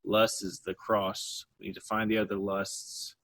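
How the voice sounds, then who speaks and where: A man with a fairly low voice talks through quiz tactics in a loose, chatty way. He restarts sentences often and slips in the occasional joke. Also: flat delivery, unhurried, vocal fry, fairly bright tone, dry recording, poor audio. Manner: chatty, joking, frequent restarts. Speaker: podcast host and quiz coach. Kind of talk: casual chat.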